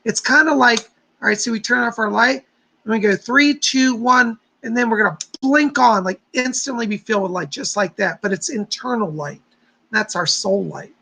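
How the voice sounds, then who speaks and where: A man's voice: very high-pitched, moderate pace, vocal fry, pushed and bright, slight background noise, rough recording. A man hosting a psychic livestream who chats casually with viewers, greets them by name, leads a guided meditation and gives readings.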